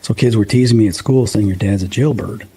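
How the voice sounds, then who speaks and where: A husky, warm-toned man in his fifties from the United States speaks at a brisk clip with a fairly low pitch. He's a guest medium, earnestly recounting a personal story and acting out the quoted dialogue.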